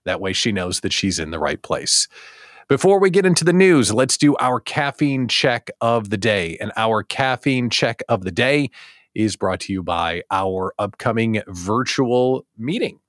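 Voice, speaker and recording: A middle-aged man hosting a live stream, playful and chatty, speaking straight to his viewers. His pitch swings widely from phrase to phrase, and the sound is close and dry with no room echo. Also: animated, unhurried, a bit bright. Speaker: host of a daily live small business show. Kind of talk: upbeat live-stream talk.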